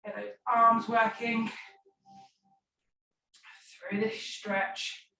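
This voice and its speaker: A woman's voice: a little high, flat delivery, very slow, vocal fry, a crowd in the background. A woman leading a stretch class, giving playful, encouraging cues. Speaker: fitness instructor. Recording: echoey room, far from mic, music behind. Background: background music.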